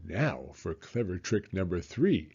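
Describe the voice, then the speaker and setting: A boastful, scheming crocodile, as a man reads him aloud in a storybook, gloating over his tricks with a sly, husky, mellow voice. The tone swings widely, and the recording sounds a little dull. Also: deep voice, big pitch swings, a little slow, voice pushed down, exaggerated voice. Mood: greedy. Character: enormous greedy boastful male crocodile, scheming.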